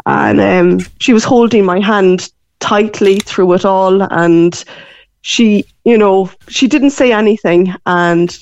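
A woman's voice: medium pitch, takes it slowly, no echo. Irish woman telling a story, lo-fi line. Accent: Irish, Cork. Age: 40s. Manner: animated storytelling, voices her mum's lines. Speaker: guest. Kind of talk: casual phone interview.

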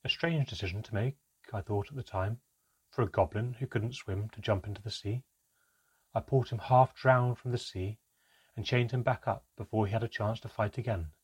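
A man voicing a solemn, reluctant elf storyteller, in a measured, halting way, in a storybook reading. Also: fairly low pitch, husky. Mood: grave.

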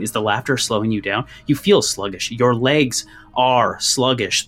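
A man's voice: mid-range voice, a bit bright. A man acting as game master, narrating a tabletop game in tense second person, then explaining rules casually.

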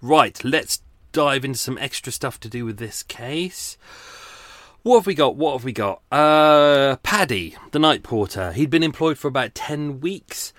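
Recorded in clean studio sound without echo, a true crime podcast host talks solo in a mid-range, fairly bright voice with lively intonation, a little slowly. He rambles casually with plenty of fillers, casual swearing and self-deprecating asides, clearly drained by the heat.

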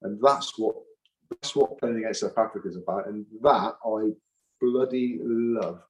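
A man's voice: on the low side, normal speed, poor audio. A middle-aged man, a retired rugby forward, talking in an interview, emphatic and repeating phrases for force. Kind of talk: impassioned interview talk.

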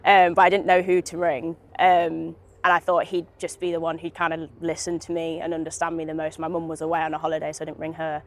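A woman's voice: low voice, completely flat delivery, quick pace, few pauses. A young woman from Britain, speaking candidly as an interview guest with many fillers and restarts, recorded outdoors in a park.

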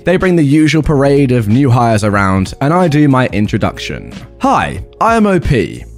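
Animated British man reading stories. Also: mid-range voice. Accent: British English. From United Kingdom. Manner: animated, playful reading with quick asides. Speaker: podcast host reading stories. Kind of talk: storytime narration with commentary.

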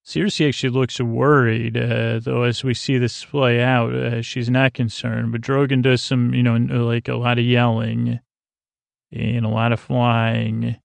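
Man, sleepy rambling recap host; gravelly, monotone, close and dry. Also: mid-range voice, measured pace, dry recording. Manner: rambling, many uh fillers, flat drowsy delivery. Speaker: podcast host recapping a TV episode.

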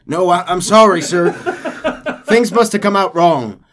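A sly, smooth-talking army captain, read aloud by a man in his own voice with no accent put on. The delivery sits a little above his usual pitch and rises and falls with lively, animated swings. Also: takes it slowly, full character voice.

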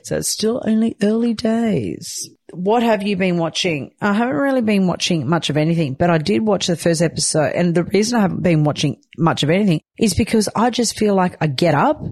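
A woman's voice: on the low side, lively intonation, a little fast, few pauses, a little mellow, dry recording. A sleep-deprived new mother talking candidly in a casual weekly chat, swearing lightly and laughing often. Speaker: weekly vlogger, new mother of twin boys.

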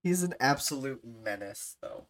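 A speaker in casual livestream chat, talking slowly and haltingly. Lines are full of fillers and stalls, broken up by frequent laughs. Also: mid-range voice, expressive. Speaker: livestream podcast co-host.

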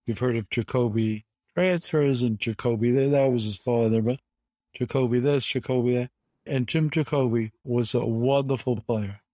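An older man, a bridge player appearing as an interview guest, speaks in a mellow, medium-pitched voice at normal speed with no echo. He tells anecdotes emphatically, repeating words for stress.

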